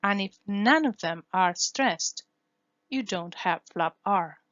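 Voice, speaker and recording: A woman's voice: mid-range voice, expressive, slow, a bit bright, dry recording, lo-fi sound. A woman whose first language is Spanish, teaching English phonetics in a careful lesson, repeating each sound to demonstrate it. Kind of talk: scripted lesson.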